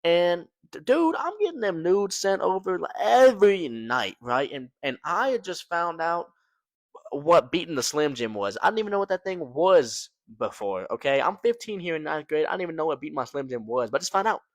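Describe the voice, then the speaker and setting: Young male storytelling vlogger, animated slangy delivery, dry close sound. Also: a little high, normal speed, dry recording. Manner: slangy, animated, fillers like "man" and "right?". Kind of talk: casual storytelling to camera.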